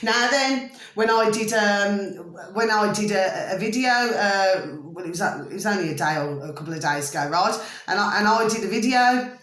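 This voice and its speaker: A woman's voice: mid-range voice, normal speed, fairly bright tone, echoey room. A middle-aged woman in a rambling casual monologue to her viewers at home, often asking if they see what she means. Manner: rambling, repeatedly asks "do you see what I mean". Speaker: vlogger.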